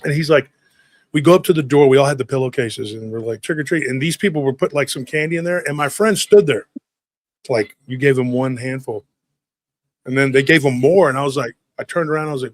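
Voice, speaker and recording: A man in his forties casually telling a lively childhood story, acting out family members' voices along the way. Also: fairly high pitch, fairly quick, no room sound.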